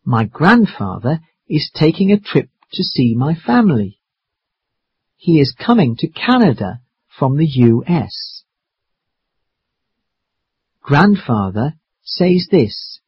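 A reader telling a children's story slowly, bringing in character voices, in a dull, dry recording. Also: medium pitch, very animated, breathy edge, no echo.

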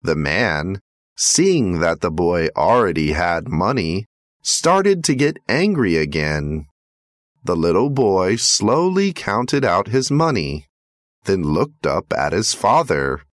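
Male narrator for a storybook read: low, unhurried, expressive delivery. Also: no room sound, studio quality. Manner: lively, acts out the story.

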